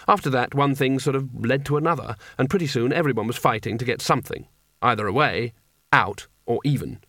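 A man's voice: medium pitch, fairly bright tone, no echo. A man reading a comic fantasy story aloud with dry, wry delivery. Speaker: narrator. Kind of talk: audiobook narration.

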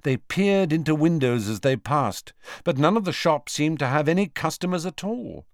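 A man narrating an audiobook with expressive storytelling on a close studio mic. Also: on the high side, moderate pace, no room sound. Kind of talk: scripted narration.

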